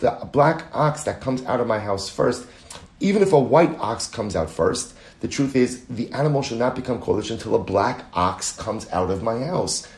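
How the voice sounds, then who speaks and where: A man's voice: low-pitched, a little mellow, echoey room. A man teaching a Talmud study lesson, explaining the text step by step, reading Aramaic and Hebrew passages aloud and often restarting his sentences.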